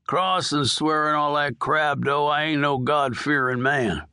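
A man's voice: fairly high pitch, fairly even intonation, a little slow, pushed and bright, smooth, no room sound, clean studio sound. A man voicing a dying, foul-mouthed old male prisoner with a coarse drawl. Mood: demanding. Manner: coarse, drawling, wheedling then demanding.

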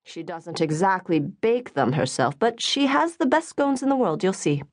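A woman's voice: mid-range voice, very animated, moderate pace. A woman voicing a charming young man who speaks enthusiastically, as if with his mouth full. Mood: enthusiastic. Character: charming young man, eager about food.

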